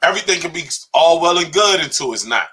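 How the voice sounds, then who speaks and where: A man co-hosting a comedy podcast, telling stories in a profane, animated way and laughing often. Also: fairly high pitch, fast talker, husky. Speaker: podcast co-host. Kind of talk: casual comedic banter.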